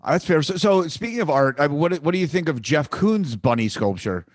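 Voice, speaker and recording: A man co-hosts a casual podcast, his fairly high voice swooping around animatedly. He jumps in with jokes and excited interjections, and his sound is dry and close. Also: fairly quick, dry recording. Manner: jokey, enthusiastic interjections. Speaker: podcast co-host.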